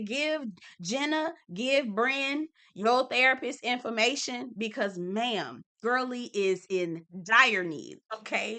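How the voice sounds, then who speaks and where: A woman's voice: mid-range voice, bright, forceful tone. A young woman giving sassy, blunt, gossipy commentary as the host of a reality TV recap. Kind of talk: casual commentary.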